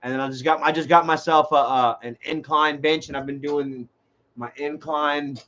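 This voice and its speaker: A man tells rambling, profane stories on his livestream. His voice sits high, and it comes through dull lo-fi stream audio. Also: normal speed. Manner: rambling, profane, animated storytelling. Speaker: livestream host. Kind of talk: casual storytelling on a livestream.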